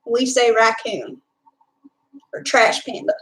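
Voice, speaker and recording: This young woman from Texas talks in a Texan accent at a measured pace, her voice sitting high. She's chatting casually on a live stream, reading and answering her chat, with lots of filler. The recording is rough.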